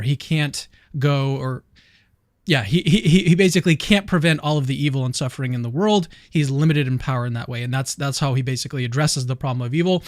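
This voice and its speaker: A man's voice: on the high side, no room sound, clean studio sound. A man hosting a casual online chat, introducing guests in a talkative, upbeat way with frequent restarts. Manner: chatty, upbeat, with many restarts. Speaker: host.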